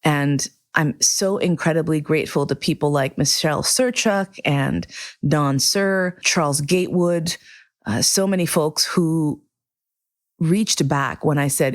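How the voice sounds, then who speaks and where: Host, woman, middle-aged, low register, candid and profane storyteller. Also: unhurried. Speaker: podcast host. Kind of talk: casual storytelling monologue.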